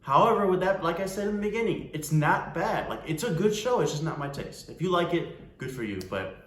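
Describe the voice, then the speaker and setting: A man's voice: sits high, expressive, fairly quick, echoey room. A man talking casually in a vlog at home, rambling and exasperated, restarting sentences and tacking "man" onto complaints. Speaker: vlogger reviewing a TV show. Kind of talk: casual unscripted vlog rant. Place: room at home with a cat nearby.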